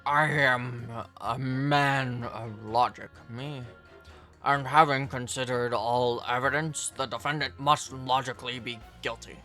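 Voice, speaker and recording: Pompous middle-aged male juror in a game, voiced by a woman: deliberate, stiff, bright-edged delivery. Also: a bass voice, steady tone, faint music behind, pitched below the performer's own voice. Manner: slow, stiff and self-important.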